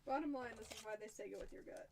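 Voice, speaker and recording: A woman's voice: a little high, racing, vocal fry, a little mellow, slight background noise. A woman, the host's wife, chatting off camera with dry teasing quips. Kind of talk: casual chat.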